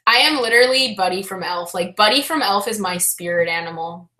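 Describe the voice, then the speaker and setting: Young woman live streaming, loud and chatty, bright punchy voice, roomy echo. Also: medium pitch, lively intonation, a little fast. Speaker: online reseller hosting a live stream. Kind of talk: casual live-stream chat. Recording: echoey room.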